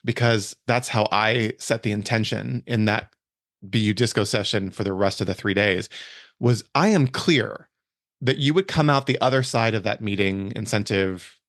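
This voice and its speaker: A man's voice: lowish voice, moderate pace, fairly bright tone, no echo, clean studio sound. A man hosting a podcast interview, speaking passionately and emphatically, often repeating himself for weight. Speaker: podcast host, event planner. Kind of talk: conversational interview.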